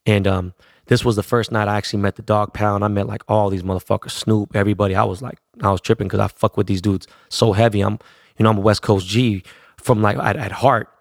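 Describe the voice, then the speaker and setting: A man's voice: on the low side, steady tone, gravelly, no echo, studio quality. A middle-aged man from Los Angeles, a DJ and producer casually telling a story full of cursing and street slang, acting out the voices of the people in it. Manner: profane, streetwise slang, quotes others in quick voices.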